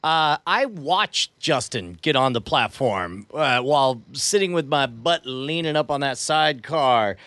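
A man's voice: medium pitch, animated, a little slow, few pauses, pushed and bright, no room sound. A man playing a tabletop role-playing game, describing his character's actions in a wry, snide way. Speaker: player. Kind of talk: tabletop role-play banter.

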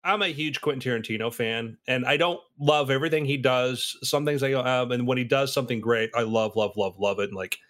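Male writer, casual podcast talk, rambling and animated, average pitch. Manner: rambling, animated, does quick impressions.

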